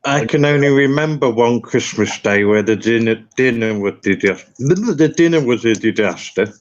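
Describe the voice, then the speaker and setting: A man's voice: mid-range voice, animated, moderate pace, lo-fi sound. A man, a guest on a live stream, casually telling a story and laughing at it. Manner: easygoing, laughs at his own story.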